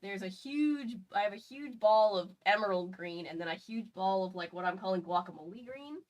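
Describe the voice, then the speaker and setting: A woman's voice: medium pitch, animated, normal speed, poor audio. A woman hosting a casual stream chat, rambling along with lots of "like" fillers. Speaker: host.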